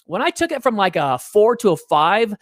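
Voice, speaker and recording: Middle-aged man, earnest interview guest, very lively pitch, dry close sound. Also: normal speed, dry recording. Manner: earnest, animated, drops low to make a point. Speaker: interview guest, parenting author. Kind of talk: animated storytelling in an interview.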